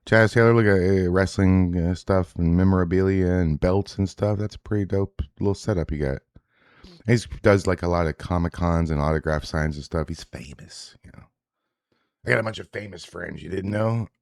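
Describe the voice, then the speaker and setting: A man with a very low voice talks bluntly and swears freely as he reacts to posts. He rambles and restarts his sentences. The sound is dry and close, with no room around it. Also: moderate pace, creaky, a little mellow, no echo. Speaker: show host reacting to social media posts. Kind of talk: casual live reaction commentary.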